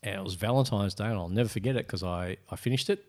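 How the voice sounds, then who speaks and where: Middle-aged man, low-ish, author recounting his book's road in conversation. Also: quick pace. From Australia. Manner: animated, acts out quoted voices. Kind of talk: casual interview storytelling.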